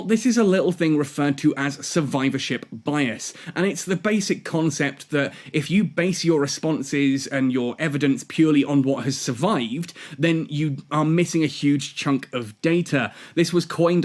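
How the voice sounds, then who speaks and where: A man's voice: a little high, normal speed, hardly any pauses. A man hosting a gaming channel, delivering exasperated, sarcastic video game commentary as a rant.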